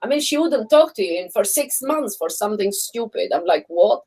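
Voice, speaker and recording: A woman co-hosting a casual live chat, animated and insistent, laughing often. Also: medium pitch, a little fast, slightly rough. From not British, lives in London area. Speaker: co-host.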